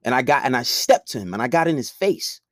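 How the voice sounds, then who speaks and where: A young man talks in a blunt, profane podcast rant that turns heated. His voice sits at an ordinary middle pitch. It is recorded dry and close, with no room sound. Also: lively intonation, racing, a bit bright, no echo. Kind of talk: monologue to camera.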